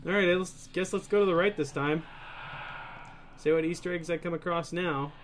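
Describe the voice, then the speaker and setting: A young man doing let's play commentary on a horror game, excitable, swearing often and breaking into laughter. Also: a little high, moderate pace, a little hiss or hum. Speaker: gaming video host.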